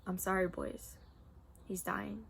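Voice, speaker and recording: A woman reading aloud the lines of a calm, unshaken male doctor in a steady way. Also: mid-range voice, takes it slowly, gravelly, slight background noise, heavily acted.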